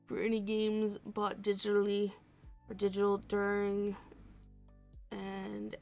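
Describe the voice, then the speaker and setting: Speaking at a medium pitch and taking her time, this streamer swears freely and laughs a lot as she plays. It's lively, casual gaming chat with faint background music.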